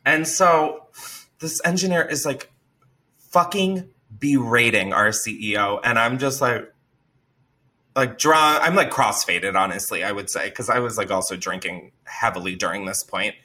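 Young male podcast host, animated storyteller, bright tone. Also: mid-range voice, unhurried. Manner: animated, swearing, laughs a lot. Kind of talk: casual storytelling.

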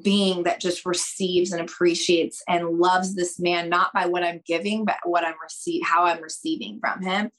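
In a low-quality recording, a woman who works as a dating coach speaks as a podcast guest, talking directly to listeners and underlining her points. She dramatizes conversations with wide pitch jumps, and her pacing swings from quick bursts to slow, drawn-out emphasis. Her tone is level and fairly bright.

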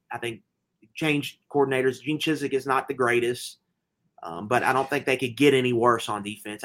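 A man's voice: mid-range voice, a bit bright. A man co-hosting a sports betting podcast, talking through picks in a rambling, enthusiastic way with lots of fillers. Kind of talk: casual sports betting chat.

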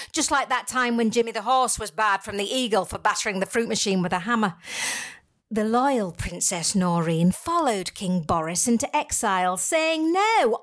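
Spoof sketch: a self-important sixty-something female politician reading her novel aloud, high-ish voice, grand and crude by turns. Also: fairly bright tone. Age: 60s.

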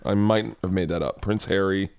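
A man's voice: low voice, gravelly, darkish tone, clear, resonant tone. A man hosting a comedy podcast, rambling through celebrity news with lots of swearing. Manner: profane, rambling, quick asides. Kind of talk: casual comedy podcast rant.

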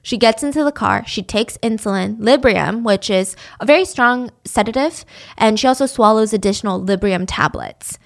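A woman's voice: a little high, moderate pace, creaky. A young woman telling a true-crime story casually, with chatty, sarcastic asides.

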